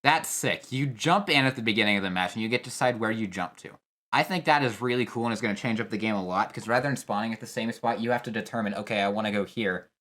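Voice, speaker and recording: A young competitive player's casual trailer reaction comes out fast, with fillers and restarts as he works through his thoughts aloud. His voice is medium in pitch with a fairly bright tone.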